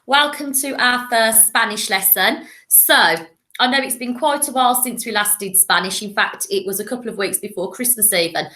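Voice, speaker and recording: Woman, primary teacher, encouraging, playful, bright tone, roomy echo. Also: fairly high pitch, moderate pace. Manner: encouraging, with playful animal voices. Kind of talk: recorded classroom lesson.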